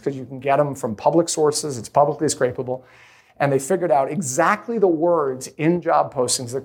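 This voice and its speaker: A middle-aged man, a venture capitalist, giving a live talk to an audience, energetic, often restarting his sentences. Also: on the high side. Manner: energetic, restarts often, acts out quoted voices.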